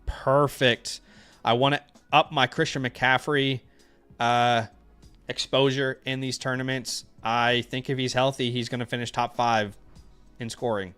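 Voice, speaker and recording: A man talks in a loose, conversational way, drifting between laid-back musing and firm opinions. His voice sits at an ordinary pitch. Faint music plays underneath. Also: measured pace, smooth. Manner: relaxed, laughs easily, emphatic opinions. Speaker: co-host of a fantasy football stream. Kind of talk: casual live-stream chat.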